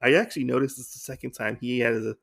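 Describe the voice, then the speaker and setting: A man casually recapping a comic story for his podcast. His voice is gravelly and bright, with a bit of fry. He rambles along loosely, with plenty of filler. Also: medium pitch, quick pace. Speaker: podcast host.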